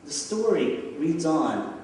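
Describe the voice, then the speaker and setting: Male pastor, conversational sermon, questions to the congregation, slow delivery, lively intonation, echoey church hall from far off. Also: fairly high pitch, slight background noise. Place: church sanctuary.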